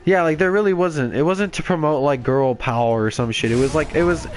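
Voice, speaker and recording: A man's voice: a little high, fairly quick, noisy background. A young man hosting a game playthrough, chatting casually in a rambling way, laughing often and filling gaps with ums and likes. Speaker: gaming channel host. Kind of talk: casual chat while playing a game.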